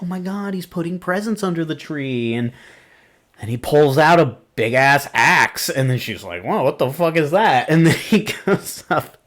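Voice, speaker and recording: A man's voice: mid-range voice, a bit bright. A man hosting a podcast, rambling through a casual movie review with lots of fillers, laughs and swearing. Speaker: podcast host.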